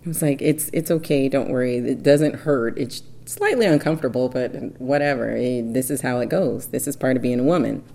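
A woman in her thirties tells a personal story in a casual, chatty way. Her voice sits very low and sounds mellow and warm. She jumps into quoted dialogue with animated bursts. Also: a little fast, gravelly, few pauses.

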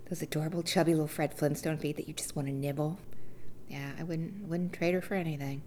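Low-voiced woman telling a personal story. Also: brisk, a little hiss or hum. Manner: animated, acts out quoted people with big pitch jumps. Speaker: mother recounting childbirth.

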